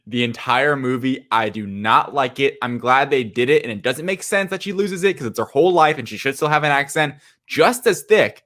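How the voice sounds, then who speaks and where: A man's voice: mid-range voice, a little slow, a bit bright. A man co-hosting a movie podcast, talking in an opinionated, emphatic way. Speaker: podcast co-host. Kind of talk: casual movie chat.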